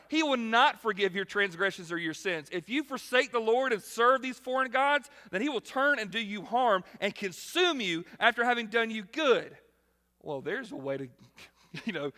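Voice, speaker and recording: A man preaching a sermon as pastor, animated and acting out quotes, shifting between loud and quiet. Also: sits high. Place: large church hall. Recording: long hall reverb.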